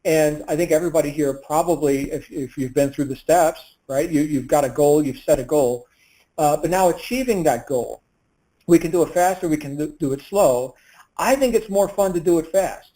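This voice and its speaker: A middle-aged man hosts an online call and introduces his guest in an upbeat, motivational way. His voice sits a little high yet sounds warm and relaxed. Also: normal speed, low-quality recording. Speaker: host.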